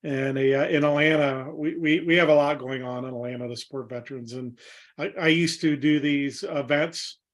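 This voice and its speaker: A man's voice: medium pitch, fairly even intonation, normal speed. A man who is an Air Force veteran and hosts the show, talking casually with lots of restarts. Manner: rambling, many restarts. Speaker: host, veterans group founder. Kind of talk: casual chat.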